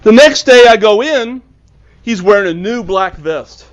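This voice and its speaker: A man's voice: high-pitched, lively intonation, unhurried. A man, an author, giving a storytelling talk to a club, earnest and acting out the dialogue. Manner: earnest, acts out quoted dialogue. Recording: dull lo-fi recording.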